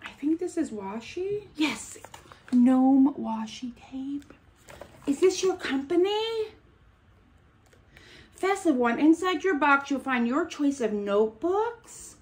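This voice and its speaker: An American woman vlogs slowly as she opens presents, her high, expressive voice full of gushing delight. She chats casually through the unboxing, gasping and exclaiming breathily.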